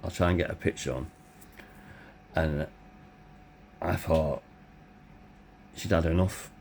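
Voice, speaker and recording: A middle-aged man telling his own story in a blunt, candid way, swearing freely, his voice tired and hoarse. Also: rumbling low, slow pace, a little mellow, slight background noise. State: hoarse, voice tiring. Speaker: vlogger. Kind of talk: personal storytelling.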